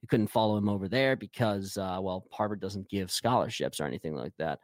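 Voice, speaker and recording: A man talking hockey in a loose, rambling way, often stopping to restart his sentences. His voice sits low and the recording is dry and close, with no room sound. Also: brisk, dry recording. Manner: rambling, with frequent fillers and restarts. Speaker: podcast co-host. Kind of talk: casual hockey chat.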